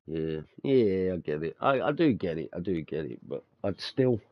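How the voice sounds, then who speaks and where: A man's voice: low voice, very animated, measured pace, dry recording, dull audio. A young man, telling stories in casual chat, swearing freely and dropping slang like mate and bruv. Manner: swearing, storytelling, laughs often, uses slang like bruv and mate. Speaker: podcast host.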